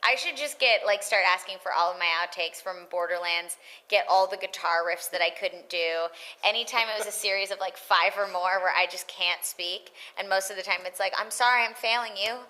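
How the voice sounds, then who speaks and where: A woman's voice: fairly low pitch, a little fast, poor audio. A woman in her thirties, a voice actress chatting casually in an interview and acting out quoted lines. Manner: animated, acts out quoted lines. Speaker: voice actress guest.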